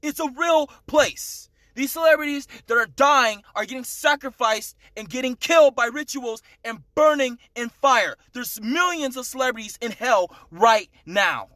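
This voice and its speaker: A man with a high, bright voice recounts a personal testimony straight to camera. He speaks intensely and emphatically, pressing his points and checking in with the listener, in a dry, close recording. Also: lively intonation, measured pace, few pauses, no room sound. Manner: intense, emphatic, repeats "okay?" to the viewer. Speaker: vlogger.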